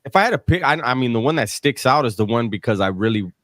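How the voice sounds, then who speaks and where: A man hosting a casual livestream, telling stories in an animated way and answering chat comments. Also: medium pitch, quick pace, no room sound, clean studio sound. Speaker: livestream host.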